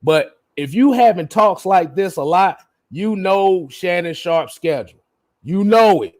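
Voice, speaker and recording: A man hosting a casual sports livestream, with a voice a little higher than most men's. He talks in a loose, laid-back way, laughs often and stumbles over repeated words while he reads out chat comments. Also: expressive, a little slow, darkish tone. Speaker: livestream host.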